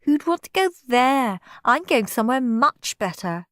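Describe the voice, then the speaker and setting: A bossy, moody little girl, played by a woman reading a storybook, high and snappy, sneering at every turn. Her lines bounce up and down, dry and close to the mic. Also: sing-song, a little slow, fairly bright tone, dry recording.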